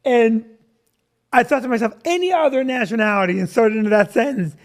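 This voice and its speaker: A man's voice: extremely high pitch, fairly quick. A middle-aged man hosting a chat show as a comedian, telling stories in a joking, self-deprecating way. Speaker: comedian and host.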